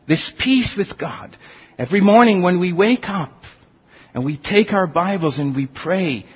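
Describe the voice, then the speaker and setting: Animated, husky-voiced male pastor preaching. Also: a little slow, lo-fi sound. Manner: earnest, rhetorical questions, animated swings in pitch. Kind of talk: sermon.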